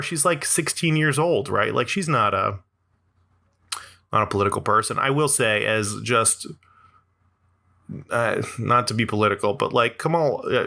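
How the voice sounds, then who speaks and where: A man's voice: medium pitch, gravelly, sharp tone. A young man hosting his own podcast, talking through a rambling, sarcastic comedic monologue and laughing between lines. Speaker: podcast host.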